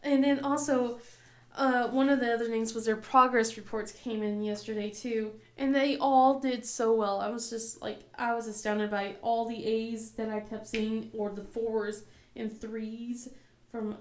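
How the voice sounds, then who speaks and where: A woman in her thirties who hosts a crafting channel chats casually, rambling through a story with lots of fillers and an occasional cough. Her higher voice is flat and a little slow, and the room sounds echoey.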